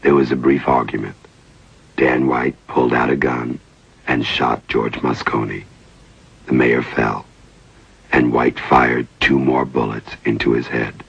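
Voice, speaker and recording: A man narrating a documentary in a grave, measured, scripted way. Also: rumbling low, steady tone, gravelly, a bit bright, slightly rough. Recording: dull lo-fi dry recording.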